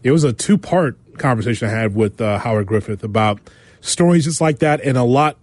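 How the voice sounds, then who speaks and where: A man hosting a sports radio show, reading news items and adding quick wisecracks. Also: mid-range voice, expressive, no room sound. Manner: wisecracking, quick asides after each story.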